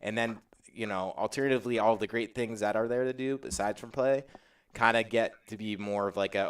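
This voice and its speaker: A man's voice: fairly low pitch, fairly even intonation, brisk, smooth, recorded from a distance. A man hosting a casual panel discussion about tournaments, rambling with lots of fillers and restarts. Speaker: podcast host.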